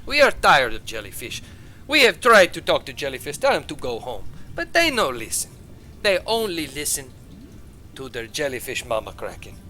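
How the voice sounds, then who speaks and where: A man voicing a defensive, boastful male healer merchant who speaks halting broken English and opens lines with "eh.". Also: mid-range voice, huge pitch swings, sharp tone, rough recording. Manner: broken English with hesitant "eh" openings.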